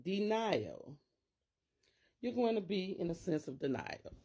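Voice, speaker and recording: A woman's voice: fairly low pitch, big pitch swings, slow, mellow, breathy edge. A middle-aged woman, a teacher and parent, talking casually to camera and acting out worried inner voices in quotes.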